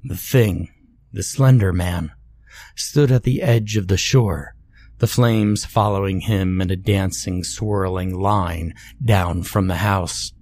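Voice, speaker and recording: Slow, deep-voiced male horror narrator. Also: fairly even intonation, a little mellow, no room sound. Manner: slow, measured storytelling. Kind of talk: scripted horror story narration.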